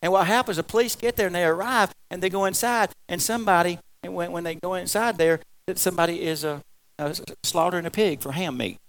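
A man preaching a folksy, rambling sermon, swinging from loud exclamations to quiet asides. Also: high-pitched, fast. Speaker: pastor.

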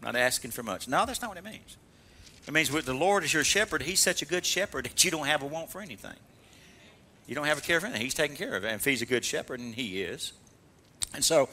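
A man preaching in a bright, forceful voice that sits a little high for a man. He pulls call-and-response from his congregation and swings from loud exhortation down to quiet, murmured asides. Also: sing-song, brisk. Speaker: pastor. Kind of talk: sermon.

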